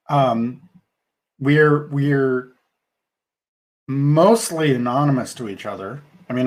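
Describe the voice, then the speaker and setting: A middle-aged man co-hosting a podcast, talking things through in a thoughtful, rambling way with restarts. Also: mid-range voice. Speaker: podcast co-host. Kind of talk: casual podcast discussion.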